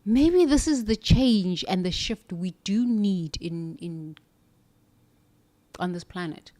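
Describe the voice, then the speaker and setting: A woman's voice: lowish voice, animated, slow, mellow. A woman giving an earnest, reflective motivational monologue, coaching the listener and answering her own questions. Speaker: self-help speaker.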